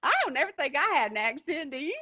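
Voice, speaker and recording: A woman's voice: sits high, big pitch swings, quick pace, pushed and bright, no echo, studio quality, voice pushed up, exaggerated voice. A woman putting on her older Georgia mother's drawl. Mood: indignant. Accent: Southern US, Georgia. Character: older Southern mother denying her accent.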